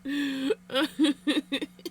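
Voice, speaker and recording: A woman's voice: sits high, little pitch movement, very slow, slight background noise. A woman livestreamer chatting casually with viewers while knitting, candid and rambling, laughing often.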